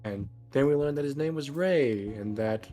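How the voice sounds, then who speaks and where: Rambling, profane young game master. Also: male voice, medium pitch, lively intonation, normal speed, warm tone, soft background music. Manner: rambling, profane, jokey storytelling. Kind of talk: casual recap of a tabletop game.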